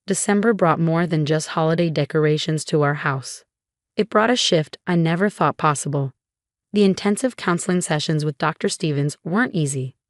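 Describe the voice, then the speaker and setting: A woman giving calm, measured scripted first-person story narration. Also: deep voice, no echo, clean studio sound.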